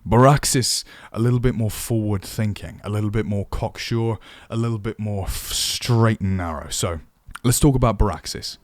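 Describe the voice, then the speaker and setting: A man's voice: lowish voice, normal speed, dry recording. A man teaching voice acting for tabletop games, chatty and self-deprecating. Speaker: dungeon master teaching voice acting. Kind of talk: casual tutorial.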